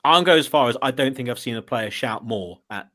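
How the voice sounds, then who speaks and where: A man's voice: mid-range voice, expressive, a little fast, fairly bright tone. A man guest on a sports podcast, talking in a chatty, rambling way with frequent fillers and restarts. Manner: chatty, rambling, laughs at his own asides. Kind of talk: casual podcast chat.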